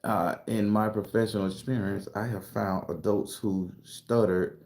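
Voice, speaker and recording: A middle-aged man from South Carolina, casually telling stories and answering viewer comments on a livestream in a loud, profane, laughing way. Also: fairly low pitch, unhurried. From South Carolina, USA. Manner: animated, profane, laughing storyteller. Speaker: YouTube tarot reader and storyteller. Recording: roomy echo.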